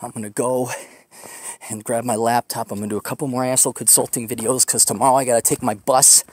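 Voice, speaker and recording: A man's voice: mid-range voice, level tone, fast talker, slightly rough, dry recording. A man hosting a podcast, rambling casually while hiking outdoors on a desert trail, ranting with profane sarcasm. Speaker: podcast host.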